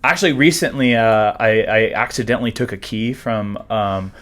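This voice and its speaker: A young man with a somewhat low voice, chatting about his job as a real estate agent. He tells stories with a laid-back, self-mocking humor and plenty of fillers. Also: normal speed, a bit bright. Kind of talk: casual interview chat.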